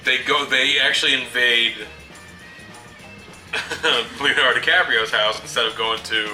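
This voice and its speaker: A man with a very bright, ringing voice chats casually about a film, chuckling as he retells scenes. He sits far from the mic in a roomy, echoing space, with faint music playing behind him. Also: medium pitch, steady tone, a little slow. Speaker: co-host movie reviewer. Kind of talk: casual movie review chat.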